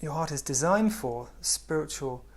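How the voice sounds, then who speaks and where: A man giving a spiritual talk in a gentle, unhurried way, often dropping to a hush. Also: on the high side, expressive. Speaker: spiritual teacher.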